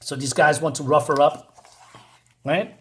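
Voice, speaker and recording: A man's voice: fairly high pitch, steady tone, measured pace. A man talks casually through a comic book. He reads the speech bubbles aloud in loose, half-acted voices and laughs often between panels. His delivery stays loose and chatty, full of fillers.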